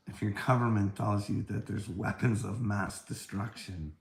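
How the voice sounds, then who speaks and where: A gravelly, low-voiced man rants slowly and at length, taunting his listener and preaching with plenty of swearing. Mocking laughter breaks up his lines. The sound is echoey, as if from a bare room. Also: fairly even intonation, a little mellow. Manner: taunting, calls listener "bud", frequent laughter; profane, preachy. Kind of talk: rambling livestream rant.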